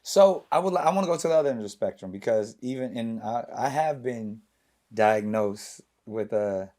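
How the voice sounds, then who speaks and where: A man in his forties hosting a casual interview, animated with bursts of laughter and halting, filler-heavy phrasing. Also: mid-range voice. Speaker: podcast host.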